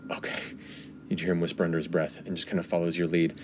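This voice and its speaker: A man with a lowish voice runs a tabletop game scene, describing the action in a halting way with plenty of "uh" and "like". A faint hum of noise sits behind him. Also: flat delivery. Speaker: game master.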